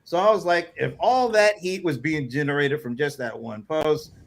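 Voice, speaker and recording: A man's voice: on the high side, moderate pace. A man hosting a casual livestream chat over a video call, rambling with many fillers and chuckles. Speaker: host.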